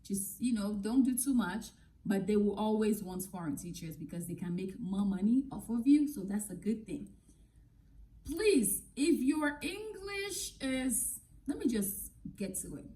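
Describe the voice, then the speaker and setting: Frank, mellow-voiced Nigerian-born woman vlogger. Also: mid-range voice, expressive, measured pace, poor audio. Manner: frank, direct, blunt advice with casual asides. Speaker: English teacher and vlogger giving advice. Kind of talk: casual advice to camera.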